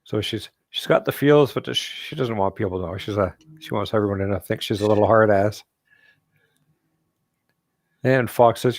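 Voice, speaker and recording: A man with a low voice talks through comic pages on a live stream, chuckling often and slipping into quick character quotes. His voice is close and dry, with no room sound. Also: a little mellow, no room sound. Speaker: host. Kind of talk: casual live-stream chat about comics.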